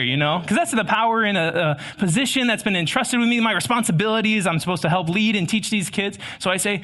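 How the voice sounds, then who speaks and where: A man's voice: high-pitched, expressive, fast, hardly any pauses, bright, forceful tone. A young man giving a sermon in a casual, chatty way, with self-deprecating humor. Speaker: preacher.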